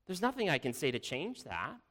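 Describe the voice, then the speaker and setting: A man's voice: a little high, wildly swooping pitch, fairly quick, voice pushed up, exaggerated voice. A man voicing a king's youngest daughter, a young woman speaking hesitantly and sincerely, with a long hall echo. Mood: earnest. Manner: hesitant, earnest, soft.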